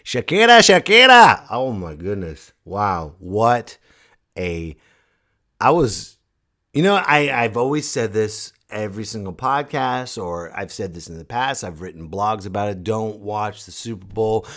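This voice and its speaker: Animated man ranting on his podcast. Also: measured pace. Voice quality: animated, jumps to loud high shouts when mimicking fans. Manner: excitable, joking, trailing off and restarting. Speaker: podcast host. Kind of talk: casual solo podcast rant.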